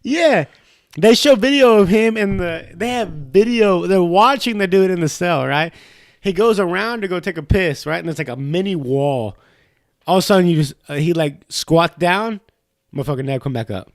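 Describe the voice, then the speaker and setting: Male podcast co-host, slightly high voice, dry close mic, rambling profane storyteller. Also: expressive, normal speed, dry recording. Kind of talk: casual chat. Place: home studio.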